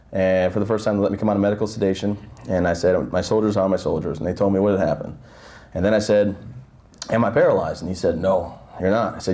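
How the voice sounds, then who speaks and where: A man's voice: fairly low pitch, dark tone. A young man speaking to a breakfast audience, telling personal stories in a joking, conversational way with lots of fillers, close on a handheld mic. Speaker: guest speaker. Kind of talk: motivational talk to an audience. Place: breakfast event hall. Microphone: handheld mic held close, audible nose breathing.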